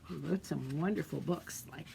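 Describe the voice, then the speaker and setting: A woman leading a children's storytime as librarian, gently explaining a craft and reading a picture book aloud. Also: low voice, normal speed, creaky, a little hiss or hum. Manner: gentle, encouraging, talks to kids.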